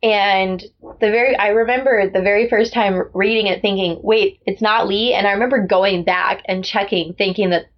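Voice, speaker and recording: Chatty woman co-hosting a book podcast. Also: mid-range voice. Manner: chatty, animated, quick to agree. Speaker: podcast co-host. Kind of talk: casual book discussion. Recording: lo-fi dull audio.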